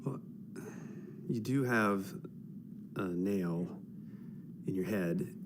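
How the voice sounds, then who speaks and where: An actor playing a calm boyfriend who keeps reasoning and trying to fix the problem, in a matter-of-fact way. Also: male voice, low-pitched, extremely slow, background noise.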